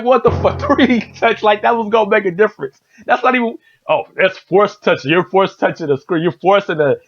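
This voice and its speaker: A fired-up man with a high voice, hosting a solo podcast and ranting hard with constant cursing and repeated phrases. The audio is dull and lo-fi. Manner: profane, heated, repetitive ranting. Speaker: podcast host.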